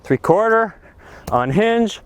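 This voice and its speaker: A man teaching golf outdoors on a practice area, talking to camera with excitable, exclamatory enthusiasm. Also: high-pitched, slow pace, noisy background. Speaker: golf instructor. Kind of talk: energetic golf lesson to camera.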